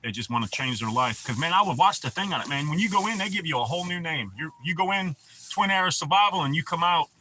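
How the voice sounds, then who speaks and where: Guy on a livestream, kinda husky, bright-ish higher voice, laid-back rambling, cusses a lot. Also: animated, fast. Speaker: livestream host. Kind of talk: casual livestream chat.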